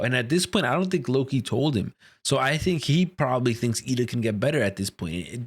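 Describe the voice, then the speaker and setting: Guy reacting to a comic chapter, hyped and slangy, keeps laughing, middle pitch voice. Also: a little fast, few pauses, breathy edge. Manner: excitable, laughs often, slangy. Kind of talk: casual reaction commentary.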